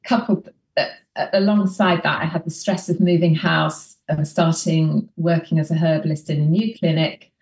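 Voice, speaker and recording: A woman with a low voice recounts her story as an interview guest, measured and hesitant. She sounds set back from the mic. The room around her is echoey. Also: fairly even intonation, darkish tone, distant mic. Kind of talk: casual interview chat.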